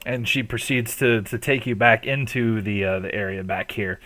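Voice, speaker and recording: A man's voice: on the low side, moderate pace, bright, forceful tone, dry recording. A man narrating a tabletop game as game master, loose and profane, with frequent ums.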